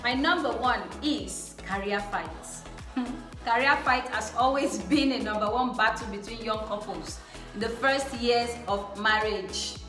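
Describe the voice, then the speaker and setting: A woman's voice: a little high, unhurried. A young woman hosting her own vlog in a casual, effusive way, often repeating her phrases for emphasis. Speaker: vlog host. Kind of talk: casual chat. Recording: echoey room with faint music.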